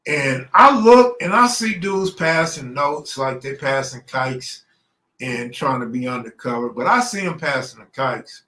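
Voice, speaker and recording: A man's voice: mid-range voice, bright, forceful tone. A middle-aged man from Los Angeles telling a true story in a casual, slangy way, acting out the people he quotes. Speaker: storyteller host. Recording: roomy echo.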